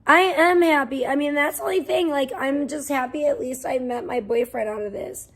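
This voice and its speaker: High-voiced woman ranting on a livestream. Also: moderate pace, fairly bright tone. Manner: profane, venting, rambling. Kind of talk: angry livestream rant. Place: home.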